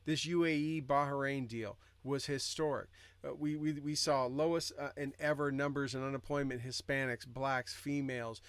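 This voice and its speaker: A man's voice: medium pitch, fairly even intonation, normal speed, smooth, no room sound. A man co-hosting a podcast, making his point earnestly and often repeating his words as he builds it. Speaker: podcast co-host. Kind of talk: casual podcast chat.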